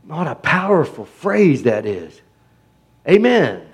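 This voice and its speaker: High-voiced preaching man. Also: sing-song, slow pace, slightly rough. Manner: preaching with rising intensity, repetitive rhetorical questions. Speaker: pastor. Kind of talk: sermon.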